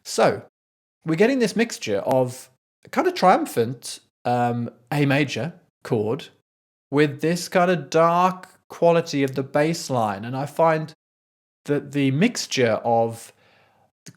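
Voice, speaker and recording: A man's voice: on the high side, expressive, slow. A man, a composer, talking through a piece of music in casual commentary, thoughtful, with frequent restarts and sung rhythms. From Scotland.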